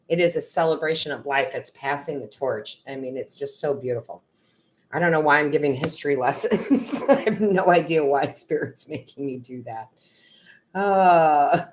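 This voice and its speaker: A middle-aged woman with a notably low voice hosts a casual live stream as a tarot reader. She talks to viewers by name, laughs easily and gets emotional.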